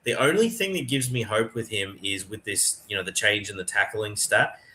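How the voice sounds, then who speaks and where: A man's voice: lowish voice, moderate pace, bright, forceful tone, slight background noise. A man hosting a casual sports podcast, chatty and matey as he gives his analysis. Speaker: podcast host.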